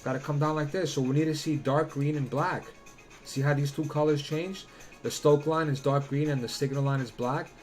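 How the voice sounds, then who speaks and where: A man's voice: fairly high pitch, steady tone, normal speed, soft background music. A man doing casual crypto chart analysis, blunt and profane, who slips into heated rants. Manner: blunt, swearing, ranting.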